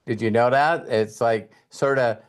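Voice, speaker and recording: A man of middle pitch giving a casual live talk to his viewers over a webcam. He rambles, piles up fillers and laughs, and gets animated as he tells stories. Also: a little slow, clear, resonant tone. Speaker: host.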